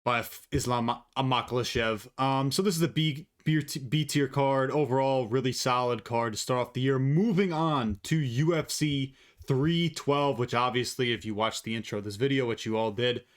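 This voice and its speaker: A man hosting a casual sports commentary video, blunt and opinionated, swearing freely. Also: mid-range voice. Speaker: host.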